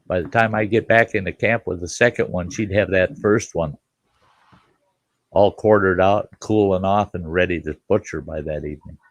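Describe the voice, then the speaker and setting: A man's voice: low voice, moderate pace, no echo. An older man hosting a casual live chat, telling blunt, folksy stories with casual swearing and laughter.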